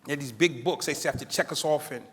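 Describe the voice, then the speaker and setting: A middle-aged man tells his life story to an audience, acting out the people in it and laughing now and then. His voice sits a little high. The sound carries the long echo of a large hall. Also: fast, slightly rough. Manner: animated, acts out quoted voices. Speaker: keynote speaker.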